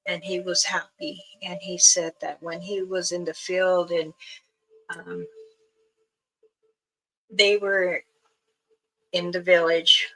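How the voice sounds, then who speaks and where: An older woman, an elder and spiritual guide, telling a rambling story on her livestream, with many pauses and restarts. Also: lowish voice, little pitch movement, bright, forceful tone, rough recording. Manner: meandering, with many fillers and restarts.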